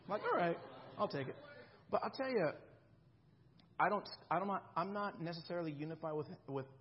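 A man's voice: high voice, brisk, muffled recording, a little hiss or hum. A man in his thirties preaching a sermon in a conversational way, often checking in with the congregation. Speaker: pastor.

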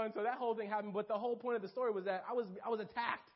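A young man giving a casual storytelling sermon to a church group, animated and full of fillers. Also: high voice, rapid-fire, hardly any pauses. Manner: animated and casual, lots of fillers and acted-out quotes. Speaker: campus minister speaking to a church group. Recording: dull lo-fi recording.

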